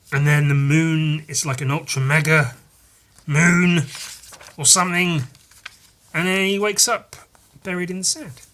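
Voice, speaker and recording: A man's voice: on the high side, fairly even intonation, slow pace, pauses often, fairly bright tone. A man hosting a podcast, casually reading a comic aloud, rambling, laughing and muttering asides. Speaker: podcast host.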